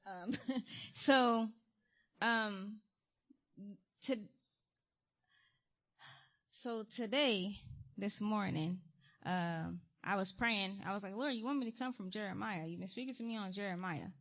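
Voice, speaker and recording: A woman's voice: mid-range voice, takes it slowly, long pauses, a bit bright. Woman guest preacher, mid-range voice, casual testimony-style sermon in a church, talks candidly with lots of ums. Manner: candid and conversational, frequent ums and likes; reads scripture aloud with rising emphasis. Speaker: guest speaker. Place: church sanctuary.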